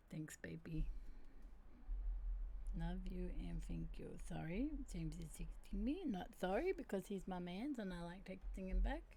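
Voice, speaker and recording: A woman's voice: fairly low pitch, big pitch swings, measured pace, warm tone, a little hiss or hum. A middle-aged woman, livestreaming as a writer, chatting casually and reading her own piece aloud. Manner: chatty, talks to herself while setting up the stream.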